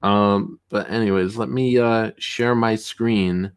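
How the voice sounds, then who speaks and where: A young man hosting a casual livestream, reading chat messages aloud, laughing often and getting loud and worked up when he tells a story. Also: lowish voice, slow pace, clear, resonant tone. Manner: chatty, excitable, laughs often, rising to shouts when riled. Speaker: streamer host reading chat.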